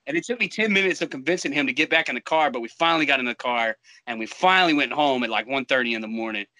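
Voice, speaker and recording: A young American man casually telling a profane, animated war-buddy story, laughing often. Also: medium pitch, fast talker, no room sound, poor audio.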